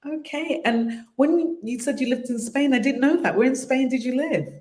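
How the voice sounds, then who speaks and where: A woman's voice: sits high, lively intonation, moderate pace, darkish tone. Chatty woman in a roomy space. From London. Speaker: host. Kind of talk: casual interview chat.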